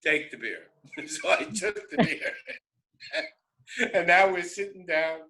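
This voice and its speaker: A man telling a road story on a radio show, animated and self-interrupting, often laughing. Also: high-pitched, slow pace, low-quality recording. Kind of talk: casual storytelling.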